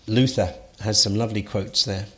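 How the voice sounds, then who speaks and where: A man's voice: fairly low pitch, steady tone, moderate pace, bright, forceful tone. A man giving an unscripted lecture on Bible translation, thoughtful, with frequent fillers and restarts.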